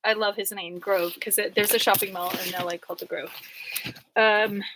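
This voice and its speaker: A woman's voice: mid-range voice, fairly even intonation, moderate pace, noisy background. A woman rambling casually over her court papers, chatty, laughing often and full of "like" fillers. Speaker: vlogger going through court papers.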